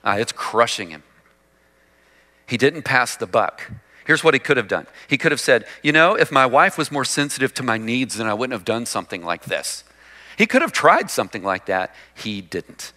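A man preaching a sermon, acting out quoted lines and dropping to a hush for emphasis. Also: medium pitch, sing-song, moderate pace, long reverb tail. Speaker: pastor.

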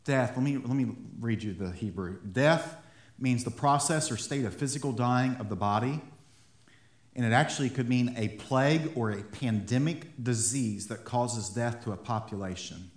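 A man's voice: mid-range voice, normal speed. A man preaching a sermon in a conversational way, acting out little quotes and building to fired-up emphasis. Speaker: pastor. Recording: echoey room.

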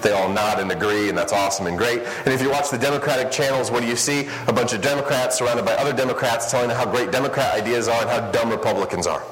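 A man's voice: mid-range voice, fast, few pauses, fairly bright tone. Male pastor preaching, cracks jokes at himself, big echoey room with mid-range voice. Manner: self-deprecating storytelling, joking with congregation. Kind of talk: sermon. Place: large church hall, live before congregation. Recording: reverberant hall with ambient noise.

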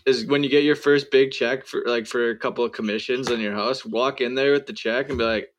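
A man's voice: medium pitch, fairly even intonation, fairly quick, hardly any pauses. A man with a mid-range voice jokes with a friend, tossing out a playful scheme. Faint noise sits under the recording. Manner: joking, playful suggestions. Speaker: friend in the chat. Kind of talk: casual chat.

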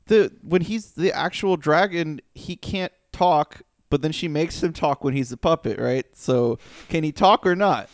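A man co-hosting a podcast, chatting casually about a movie, animated and questioning, swearing freely. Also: fairly high pitch, measured pace, dry recording, studio quality. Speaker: podcast co-host.

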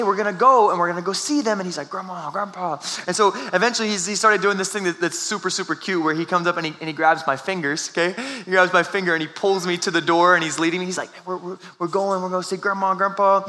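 A man's voice: high-pitched, sharp tone. A young adult man preaching a sermon as pastor, telling a family story in a conversational way with restarts.

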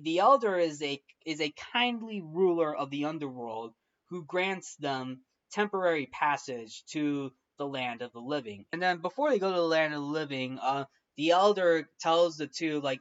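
A man's voice: fairly high pitch, fairly bright tone, lo-fi sound. A man hosting a film review show, recapping the story in a casual, rambling way with many restarts and fillers.

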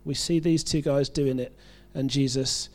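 A British man preaching a sermon to his congregation at a medium pitch. He keeps it chatty and self-deprecating, often stumbling and restarting phrases as he works through a passage. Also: steady tone, measured pace, darkish tone. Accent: British English. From United Kingdom.

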